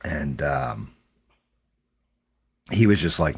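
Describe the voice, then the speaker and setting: A man with a very deep, low voice tells a long story on his stream. He rambles, swears freely and restarts his sentences often, like casual chat with his viewers. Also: unhurried. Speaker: stream host.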